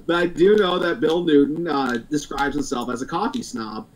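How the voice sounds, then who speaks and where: A man's voice: a little high, unhurried, slight background noise, poor audio. Rambling, chuckling male podcast host. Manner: rambling, laughs often, many fillers. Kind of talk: casual chat.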